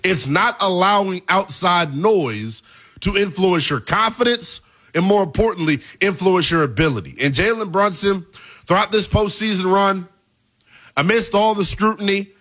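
A young man in his twenties hosts a sports talk show with emphatic, hyped energy. His voice sits high and bright, swinging widely in pitch as he punches his points home. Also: expressive, normal speed. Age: 20s. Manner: emphatic, hyped, shouting at peaks. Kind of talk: animated sports talk commentary.

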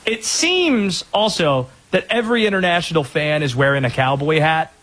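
A male sports radio host with a fairly high, husky voice. His delivery bounces up and down with energy and strong opinions, and he tosses in fast asides. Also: lively intonation, fairly bright tone, low-quality recording.

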